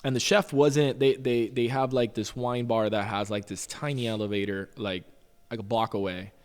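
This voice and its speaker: An animated storyteller, this man talks loosely and packs his speech with fillers. His voice sits at an ordinary middle pitch. Each phrase trails off into a long reverb, as if he sat in a large hall. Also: moderate pace, clear, resonant tone. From Puerto Rico. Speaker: chef, podcast guest. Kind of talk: casual storytelling interview.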